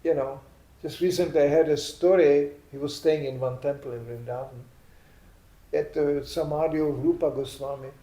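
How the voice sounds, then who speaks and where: A man gives an animated storytelling sermon, acting out quotes in a raised voice. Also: fairly high pitch, normal speed. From Sweden. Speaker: spiritual lecturer. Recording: echoey room.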